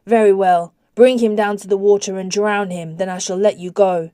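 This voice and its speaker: Woman voicing a gravelly slimy lake creature. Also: steady tone, normal speed, mellow, no echo, natural voice. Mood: sly, bargaining. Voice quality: deep gravelly voice. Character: small slimy male lake creature, cold and callous. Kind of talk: audiobook character voice.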